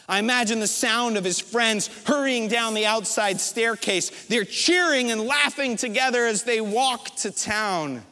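A man preaching a sermon as a pastor, retelling a scene as a vivid story and pausing often for drama. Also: sits high, bright, forceful tone. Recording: long reverb from a large hall.

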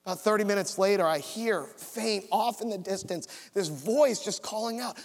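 Male pastor, higher voice, storytelling sermon, long church-hall reverb. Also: lively intonation, a little fast, hardly any pauses. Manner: storytelling, builds to an altar call. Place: church sanctuary.

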